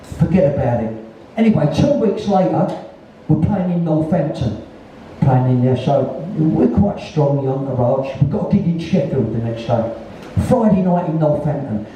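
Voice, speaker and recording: This sixty-ish guest with a London Cockney accent spins a rambling, profane, blunt anecdote during a live onstage chat at a music venue. His fairly high, dark-toned voice moves at moderate pace with lively intonation, captured dull and far off in an echoey room with slight background noise.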